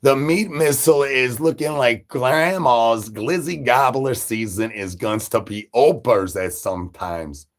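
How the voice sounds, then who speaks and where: A man live-streaming in a zombie persona, rambling through silly catchphrases with sudden jumps in pitch. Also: unhurried, hardly any pauses. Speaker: livestreamer in zombie character. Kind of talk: absurd live-stream banter.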